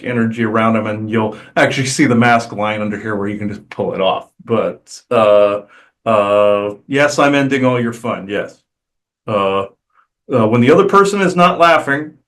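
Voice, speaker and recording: A man channeling on a spiritual podcast, talking casually and haltingly with many "uh" fillers and restarts. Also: mid-range voice. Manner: hesitant, many "uh" fillers, rambling.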